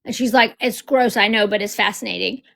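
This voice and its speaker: A woman's voice: mid-range voice, fairly quick, gravelly, a bit bright. A woman hosting a livestream, chatting casually and bluntly, swearing freely and telling stories with animation. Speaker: livestream host. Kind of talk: casual chat.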